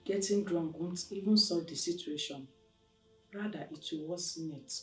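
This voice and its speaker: Actress as a concerned friend, low voice, echoey and far away. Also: female voice, moderate pace, a bit bright, lightly acted. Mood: earnest. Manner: earnest, urgent. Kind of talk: Nollywood screen acting. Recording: echoey room from far off with music.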